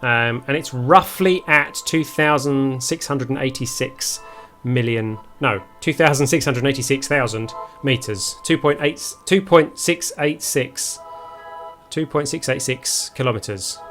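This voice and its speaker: A man's voice: mid-range voice, measured pace, few pauses, fairly bright tone, faint music behind. A young man streaming a space game live, talking viewers through his moves with many ums and restarts. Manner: hesitant, full of ums, chats with viewers. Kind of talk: live gameplay commentary.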